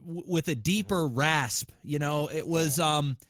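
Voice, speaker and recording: A man hosting a podcast, chatting casually in an excitable, profane way with lots of restarts. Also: fairly high pitch, unhurried, no echo. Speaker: podcast host.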